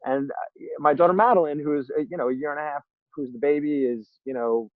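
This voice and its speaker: A man's voice: on the high side, fast talker, no echo. A man as a podcast guest in casual interview chat, a rambling, self-deprecating storyteller who acts out quotes. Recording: tinny phone-line sound, dry.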